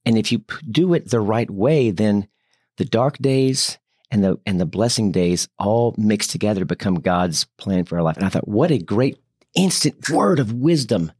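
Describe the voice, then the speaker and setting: A man with a low, husky voice talks through a casual Bible study with a co-host. He tells church anecdotes in an earnest, animated way. The recording is dry and close, with no room sound. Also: moderate pace, no room sound.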